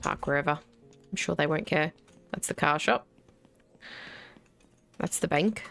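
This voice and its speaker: Here the same Australian gaming host, in her thirties, speaks at a measured pace in a low, gravelly voice that's a bit bright. Her commentary is casual and wry as she talks herself through every step, with faint game music and typing behind her.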